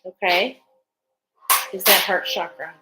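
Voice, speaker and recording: A woman's voice: lowish voice, steady tone, slow pace, loud music behind the voice, low-quality recording. A woman giving a spiritual card reading in an earnest, emotional way, reading card texts aloud between loose, filler-filled remarks. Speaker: tarot card reader.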